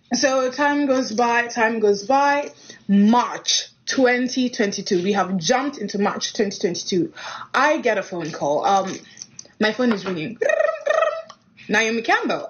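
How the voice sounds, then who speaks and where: A young woman from Kenya tells a personal story in a casual way. She is animated and acts out the dialogue. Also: medium pitch. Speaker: guest telling a personal story. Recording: dull lo-fi recording.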